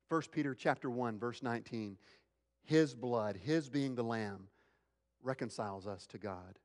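A male pastor preaching a sermon, swinging between emphatic, raised lines and hushed, slow ones. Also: mid-range voice, in a large hall.

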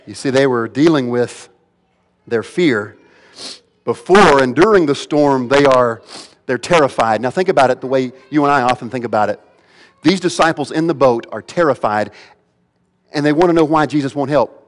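A male pastor preaching a sermon, swinging from loud pleading to hushed, quiet passages. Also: mid-range voice, animated, moderate pace. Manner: dramatic swings between loud pleading and hushed near-whispers. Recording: long reverb of a large hall.

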